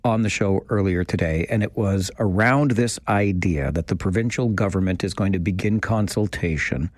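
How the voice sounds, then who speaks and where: Male talk radio host, lowish voice, dead-dry studio mic, wry banter. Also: moderate pace, dry recording. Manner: dry, sarcastic banter with callers.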